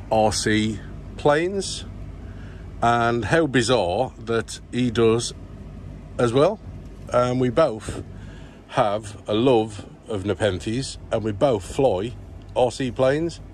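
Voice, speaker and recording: A middle-aged man chatting casually in a vlog, rambling through shout-outs with lots of fillers and restarts. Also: medium pitch, slight background noise. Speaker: plant grower vlogger. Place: indoor grow tent.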